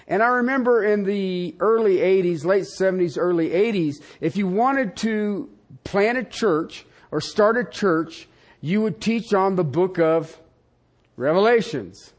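Animated older male preacher. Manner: animated preaching with wide swings in pitch and loudness, asides to the audience. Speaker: pastor. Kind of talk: sermon.

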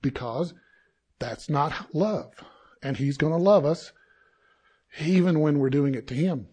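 A man preaching a sermon to his congregation, slow and deliberate, with dramatic pauses and sudden rises in intensity. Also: on the high side, darkish tone, slightly rough. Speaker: pastor.

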